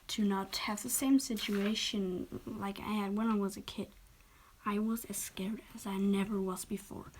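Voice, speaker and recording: Soft half-whispering woman reading a story. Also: medium pitch, low-quality recording. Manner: half-whispered, gentle, with small restarts.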